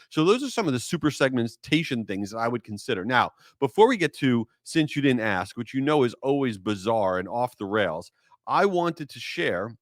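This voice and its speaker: Male solo podcaster, big swings in pitch, worked-up rants, close dry mic. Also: no echo. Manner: animated, exasperated storytelling. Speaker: podcast host.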